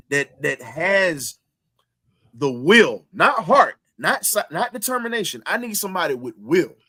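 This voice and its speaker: A man's voice: on the high side, pushed and bright. A man hosting a heated sports talk show, speaking with an emphatic, preaching cadence and repeating phrases to drive points home.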